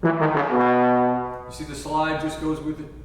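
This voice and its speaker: A man's voice: mid-range voice, fairly quick, far from the mic, faint music behind. Guy teaching a trombone masterclass, scat-singing the lines, super echoey hall, mic way off. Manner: scat-sings musical phrases to demonstrate. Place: chapel used as a concert hall. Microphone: distant room mic.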